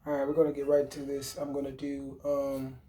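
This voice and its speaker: Rambling, slangy man with a mellow voice. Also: mid-range voice, monotone, brisk. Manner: rambling, slangy and profane, with frequent fillers and self-corrections. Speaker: vlogger. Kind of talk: casual movie talk.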